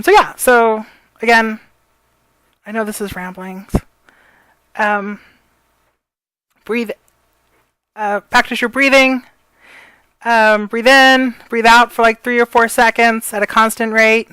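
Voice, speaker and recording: A woman walks through breathing and pitch exercises in a loose, rambling way, often pausing on filler words. Her voice sits on the higher side and sounds smooth and clear. The recording is dry, with no room sound. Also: fairly bright tone, no room sound, rough recording. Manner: rambling, filler-heavy, apologetic. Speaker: voice coach. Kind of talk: casual spoken tutorial.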